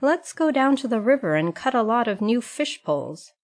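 Woman voicing an eager, high-voiced schoolboy. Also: moderate pace. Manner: high and lively.

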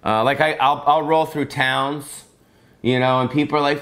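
A man's voice: mid-range voice, fairly even intonation, moderate pace, fairly bright tone. A man giving a rambling, profane comedic rant in a casual, repetitive way. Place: Las Vegas.

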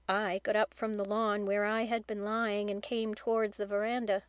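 A woman narrating a children's novel in a steady, clear storytelling manner. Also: medium pitch, normal speed, few pauses, no room sound. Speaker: audiobook narrator.

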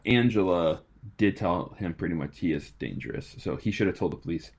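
A man's voice: low-pitched, animated, brisk, darkish tone, breathy edge. A man casually discussing a movie with a friend, rambling and slangy, often restarting his sentences. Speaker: podcast co-host.

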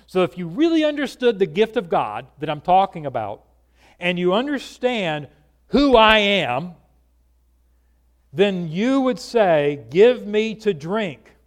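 An earnest male preacher delivering a conversational sermon with a slightly raised pitch. He speaks to his listeners directly and keeps throwing rhetorical questions at them. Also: big pitch swings, unhurried.

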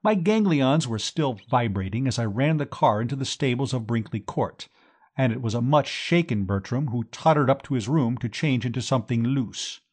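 A man narrating a comic novel in the first person, brisk and jaunty. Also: medium pitch, expressive, a little mellow, slightly rough. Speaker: audiobook narrator.

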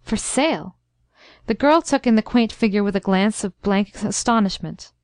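A woman narrating a classic story in a steady, even storytelling voice. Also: mid-range voice, normal speed, clean tone, dry recording, clean studio sound. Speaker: audiobook narrator.

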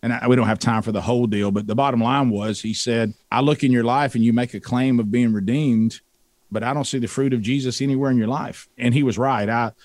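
Guy, middle aged, tells animated stories, plain mid voice, super dry mic. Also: mid-range voice, fairly quick, no echo. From American South. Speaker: radio show co-host, guest. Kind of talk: casual storytelling interview.

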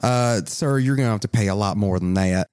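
A slow, easygoing shopkeeper, as a man plays him at the game table, a little higher than an everyday voice. He drawls his lines in a lazy, mildly chiding way. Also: darkish tone, clear, resonant tone, close to an everyday voice.

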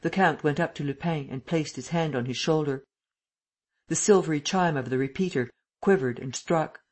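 A reader narrates a classic adventure novel at a steady, measured pace. The voice has a husky, slightly breathy grain and sits at a middle pitch. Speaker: audiobook narrator. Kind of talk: scripted audiobook narration.

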